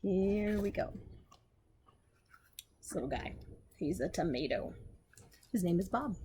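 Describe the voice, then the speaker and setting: A woman teacher slowly sounding out letters and reading aloud to young children outdoors. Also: lowish voice, lively intonation, warm tone, a little hiss or hum. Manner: slow, patient, sounding out letters. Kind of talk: phonics lesson and read-aloud for young children.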